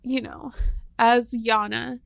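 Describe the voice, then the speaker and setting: A woman's voice: on the high side, level tone, takes it slowly, creaky, dry recording. A woman co-hosting a podcast, recounting her story in an open, heartfelt way with many fillers. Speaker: podcast co-host. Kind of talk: candid conversational storytelling.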